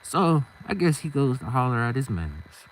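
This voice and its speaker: A man's voice: mid-range voice, normal speed, slight background noise, poor audio. A young man telling a casual storytime monologue in slangy street talk, acting out every side of the conversation. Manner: animated, slangy, acts out both sides of conversations.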